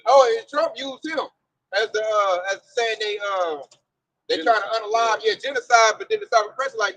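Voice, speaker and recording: A man's voice: high-pitched, fairly quick, dry recording, poor audio. A man leading a casual religious discussion, telling stories animatedly and acting out what people said. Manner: animated storyteller acting out quotes.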